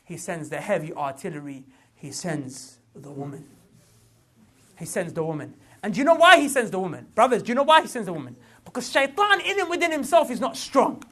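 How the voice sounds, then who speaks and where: A man giving a lively religious lecture to a young audience, repeating his points for emphasis and slipping into street slang. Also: sits high, fairly quick. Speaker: Islamic preacher.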